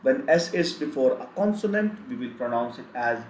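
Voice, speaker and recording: A man teaching a live online language lesson, slowly repeating example words again and again. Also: mid-range voice, very animated, darkish tone, reverberant, slight background noise, rough recording. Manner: slow, repetitive, drills word lists.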